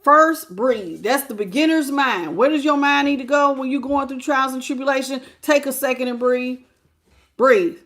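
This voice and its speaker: Emphatic woman tarot reader, slightly high voice. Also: moderate pace, few pauses, a bit bright. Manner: preachy, emphatic, colloquial, with many repetitions. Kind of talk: spiritual pep talk to viewers.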